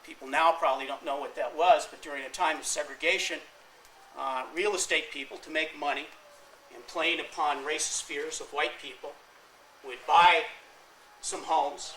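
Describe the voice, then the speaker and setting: A man's voice: on the high side, fairly even intonation, measured pace, sharp tone. Wry storytelling man in his fifties, lecture hall. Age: 50s. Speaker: guest speaker. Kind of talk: classroom talk. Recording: distant mic with faint room noise.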